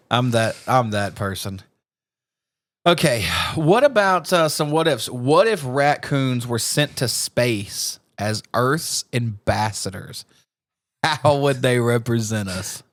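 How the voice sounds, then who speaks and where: Loud, lively podcast co-host man. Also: medium pitch, takes it slowly, no room sound, clean studio sound. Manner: loud, laughs often, animated. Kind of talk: casual chat.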